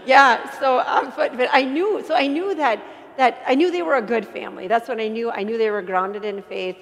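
A woman giving an earnest, emotional faith testimony to an audience, with self-deprecating humor and halting restarts. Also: a little high. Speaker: inspirational speaker. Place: church. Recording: long church reverb.

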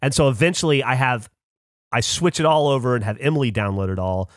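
A man's voice: mid-range voice, quick pace, no echo. Man, podcast co-host, casual rant, lots of swearing, dry sound. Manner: swears a lot, ranting storyteller. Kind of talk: casual chat. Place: podcast studio.

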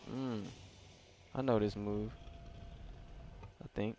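A man talking casually over a video game playthrough at a mid pitch. He jokes and reacts in slang as the action unfolds. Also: unhurried, soft background music. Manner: slangy, joking reactions to gameplay. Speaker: gameplay commentator. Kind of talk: casual let's-play commentary.

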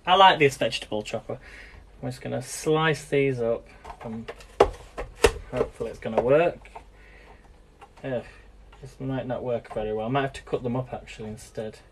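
A man's voice: mid-range voice, normal speed, long pauses, heavy background noise. A British man hosting a live cooking stream, chatting in a rambling way and often addressing viewers as guys. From Britain. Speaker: cooking livestream host. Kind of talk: casual live cooking demo.

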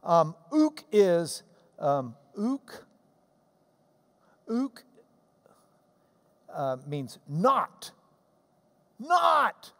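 A man giving a Bible class lecture, animated and emphatic with jokey asides. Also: a little high, extremely slow, pauses often. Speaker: Bible teacher. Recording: long reverb of a large hall.

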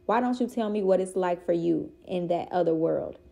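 A woman's voice: on the low side, normal speed, vocal fry, mellow. A woman voicing a protective, worried mother who speaks with strong emotion. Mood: tender.

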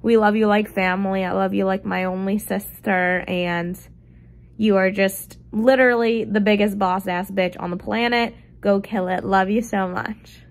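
A woman's voice: mid-range voice, steady tone, moderate pace. A woman speaks with punchy, affectionate emphasis in an ordinary mid-range voice, rallying a close friend. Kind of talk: video message to a friend.

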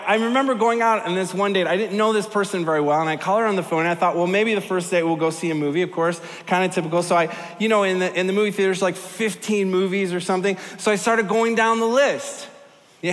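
A male pastor with a high voice, preaching in a large church auditorium. He tells his story in a joking, animated way, and his words carry a long reverb. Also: fast talker. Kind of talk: sermon with a comic story.

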